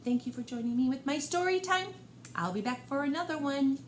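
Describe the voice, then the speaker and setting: A woman librarian reading a picture book aloud for storytime, expressive and gentle, talking directly to young listeners. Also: high-pitched, a little fast, a little hiss or hum. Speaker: children's librarian. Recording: roomy room echo.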